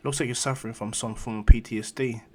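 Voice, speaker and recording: A man voicing a young male ninja who has become a calm, cold god, speaking in a commanding, quietly threatening way. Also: medium pitch, fast talker, a little hiss or hum, lightly acted.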